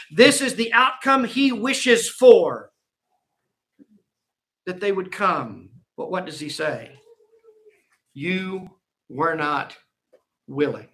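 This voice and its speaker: Male pastor, sermon, high bright voice, dramatic swings in volume and pace. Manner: preaching with emphatic swings in loudness and pace.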